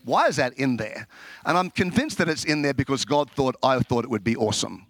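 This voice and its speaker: An Australian man preaching with a high, ringing voice that sounds bright and forceful. He tells his stories in an animated way, laughs often and trips over repeated words. The sound is close and dry, with no room around it. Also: no room sound. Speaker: pastor. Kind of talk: humorous sermon.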